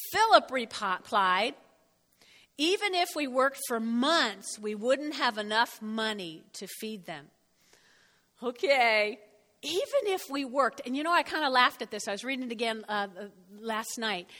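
A high-voiced woman with a bright, sharp tone, leading a Bible lesson. She reads a passage aloud and breaks in with casual commentary, asking "okay?" and acting out the lines she quotes. Her voice carries a long reverb, as if in a large hall. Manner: conversational, asks "okay?" often, acts out the quoted lines. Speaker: Bible teacher.

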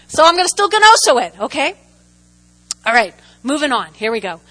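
Bright high-voiced woman preaching a lively sermon. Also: moderate pace, rough recording. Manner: animated, humorous storytelling with audience call-and-response.

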